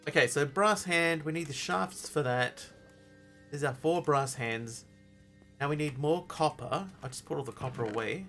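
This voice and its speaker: A man's voice: on the high side, moderate pace, a bit bright, soft background music. A man streaming a game live, chatting casually in a rambling way with lots of ums and restarts. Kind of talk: casual live-stream chat while playing.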